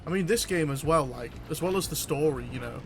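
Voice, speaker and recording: A man's voice: fairly high pitch, fairly quick, slight background noise. A man in his twenties with a northern English accent from near Manchester, rambling casually to viewers while streaming a game. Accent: northern English, Mancunian with some Scouse. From England, near Manchester. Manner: rambling and chatty, many fillers and restarts. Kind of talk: casual gameplay chat with viewers.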